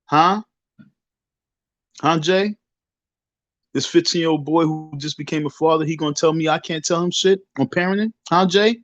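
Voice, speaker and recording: A man's voice: fairly high pitch, moderate pace, pauses often, fairly bright tone, no room sound. A man hosting a casual livestream rant, talking emphatically and preachily, repeating his points and swearing freely. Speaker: livestream host. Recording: dull lo-fi dry sound.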